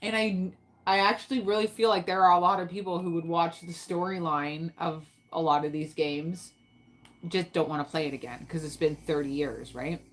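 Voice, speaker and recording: A woman's voice: on the low side, steady tone, moderate pace, a little hiss or hum. Rambling, swearing woman gamer. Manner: rambling, swears often, talks to herself. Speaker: gaming streamer. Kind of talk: casual chat while playing a game.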